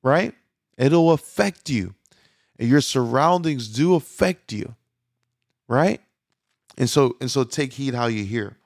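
A male pastor preaching a sermon in an easy conversational flow, often restarting his phrases and dropping in fillers. His mid-pitched voice has a gravelly edge, and the sound is close and dry with no room around it. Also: lively intonation, slow pace, long pauses, dry recording.

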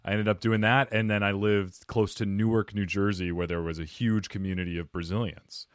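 A man hosting a podcast, chatting in a relaxed, self-deprecating way. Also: lowish voice, brisk, no echo, studio quality. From United States. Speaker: podcast host. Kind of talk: casual chat.

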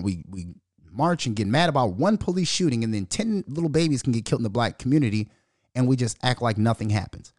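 A man's voice: mid-range voice, very animated, fast, a little mellow, dry recording, studio quality. A man hosting a podcast, ranting in a profane monologue and mocking the voices of others. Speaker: podcast host.

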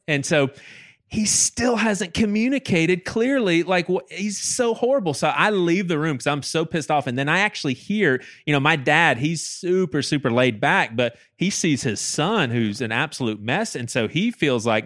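Animated man telling a story on a dry mic. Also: a little high, normal speed, no room sound. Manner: animated, restarts and repeats words, acts out quotes. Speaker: podcast host telling a personal story. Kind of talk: casual storytelling chat.

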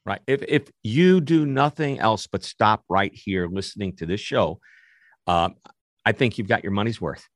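This male host conducts a radio interview in an enthusiastic, chatty manner. He has a lowish voice at normal speed, captured close to the mic in a dry studio with no room sound.

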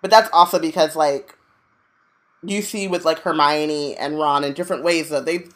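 A woman's voice: sits low, steady tone, moderate pace, a bit bright. A woman chatting casually about a book, blunt and free with swearing. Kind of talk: casual chat.

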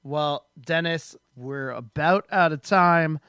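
Man, podcast host, laid-back, profane, slightly high voice, dry close sound. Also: takes it slowly, fairly bright tone, clean tone, no room sound. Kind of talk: casual chat.

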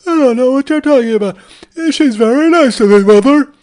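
A man's voice: very high-pitched, a little fast, a little mellow, pitched above the performer's own voice. A man voicing a defensive young man who argues with his mother in a whiny, indignant way.

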